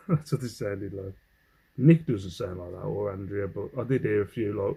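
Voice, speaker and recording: A man's voice: fairly low pitch, normal speed, creaky, warm tone, breathy edge, poor audio. An English man in a casual haul vlog, rambling as he goes through his finds and humming to himself between items. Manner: rambling, hums while sorting items. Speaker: clothing reseller.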